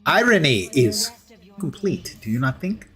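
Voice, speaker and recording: A man's voice: mid-range voice, sing-song, unhurried, sharp tone. A man doing Colossus in a mock Russian accent. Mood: boastful. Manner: formal, article-dropping, grandly self-praising. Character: boastful hulking steel-skinned male Russian mutant hero. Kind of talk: in-character gameplay commentary.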